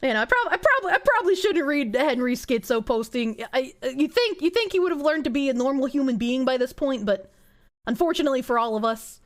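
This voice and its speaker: A woman's voice: lively intonation, fairly quick. A woman streamer chatting casually with her viewers, giggly and swearing, trailing into rambling tangents. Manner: giggly, swings into high squeals and low mumbles; profane, rambling, reacting to chat. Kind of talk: casual live-stream chat.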